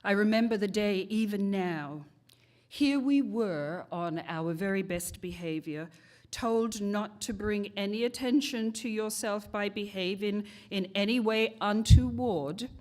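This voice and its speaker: A woman in her sixties from England, giving a homily as a congregation member, telling a personal story in a slow, measured way. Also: medium pitch, darkish tone. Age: 60s.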